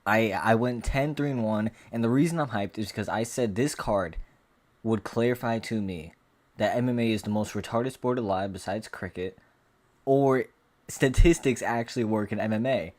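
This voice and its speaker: Man, lowish voice, profane boastful rambling fight recap, casual rant. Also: normal speed, darkish tone. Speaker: MMA commentator.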